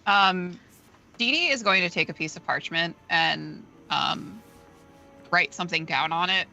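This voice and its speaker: A man playing a tabletop game, describing his character's actions in a dry, deadpan way. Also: high-pitched, a little slow, creaky, soft background music, poor audio. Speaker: player.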